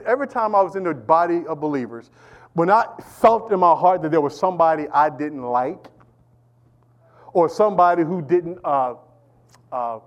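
A middle-aged man preaching a sermon as pastor, animated and repetitive, calling out to the congregation. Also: high voice. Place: church.

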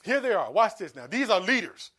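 A man preaching a sermon as pastor, swinging between quiet asides and loud, pleading emphasis. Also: high voice, sing-song, brisk.

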